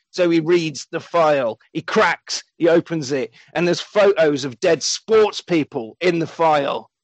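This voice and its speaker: A man's voice: a little high, no room sound, poor audio. A man hosting a podcast, animatedly recapping a film with lots of swearing and acted-out quotes. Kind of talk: comedic film recap chat.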